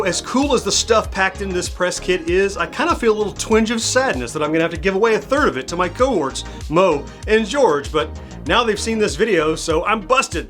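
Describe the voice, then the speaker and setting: A man in his forties hosting a nostalgia channel, chatting enthusiastically while unboxing and thinking aloud. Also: a little high. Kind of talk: casual unboxing narration. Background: soft background music.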